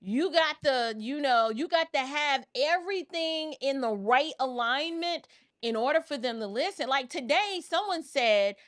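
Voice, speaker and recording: High-voiced, animated woman host. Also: a little slow, dry recording, studio quality. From the Bronx, New York. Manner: animated, emphatic, casual. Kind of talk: live online panel discussion.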